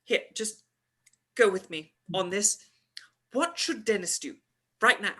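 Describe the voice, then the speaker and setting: A woman voicing an earnest, self-assured woman who lectures in a measured, declaiming way in a live play reading. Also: medium pitch, expressive, sharp tone.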